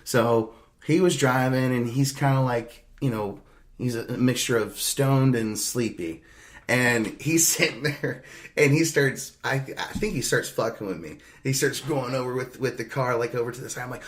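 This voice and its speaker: A young man spins a loose, swearing anecdote in a relaxed, conversational way. He rambles and restarts, and he laughs through the story. His voice sits at an ordinary middle pitch. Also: normal speed. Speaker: podcast host. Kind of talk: casual storytelling.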